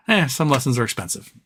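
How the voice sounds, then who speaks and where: A man's voice: mid-range voice, pushed and bright, a little hiss or hum. Blunt, rambling man in his forties. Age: 40s. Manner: rambling, blunt and opinionated, with frequent fillers and restarts. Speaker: livestream host reading viewer questions. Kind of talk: casual live-stream chat.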